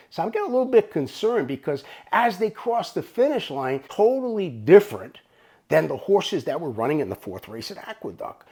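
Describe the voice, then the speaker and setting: Gravelly, animated male storyteller. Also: medium pitch. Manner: animated, profane, rambling. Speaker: storyteller recounting his bookmaking days. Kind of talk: casual storytelling to camera.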